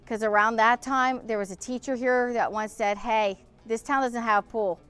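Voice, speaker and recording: A woman's voice: on the high side, fairly even intonation, normal speed, fairly bright tone, clean tone. A middle-aged woman, hosting a casual vlog outdoors beside an old pool and talking indignantly to camera. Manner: indignant, emotional, ranting. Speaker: vlog host.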